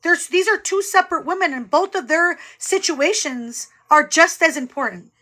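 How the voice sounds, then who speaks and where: A woman's voice: very high voice, moderate pace, very noisy. A woman hosting a live stream, who cuts in with emphatic, indignant comments.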